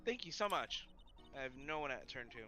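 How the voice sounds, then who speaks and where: A man's voice: a little high, big pitch swings, brisk, sharp tone, reverberant, faint music behind. A man casually reading game dialogue aloud alongside a friend.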